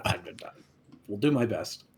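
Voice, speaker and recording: A man playing a tabletop game, talking in a playful, lively way. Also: on the low side, moderate pace, slight background noise. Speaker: player.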